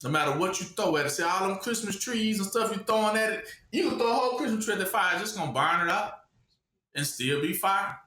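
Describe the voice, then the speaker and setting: A man's voice: high-pitched, lively intonation, quick pace, bright, forceful tone, reverberant. A man preaching a sermon, emphatic, with call-and-response questions to his listeners.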